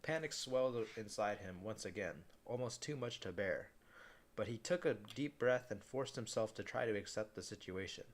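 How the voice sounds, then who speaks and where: A man's voice: lowish voice, lively intonation, moderate pace. A man reading a novel aloud in a casual way, often stumbling and restarting words.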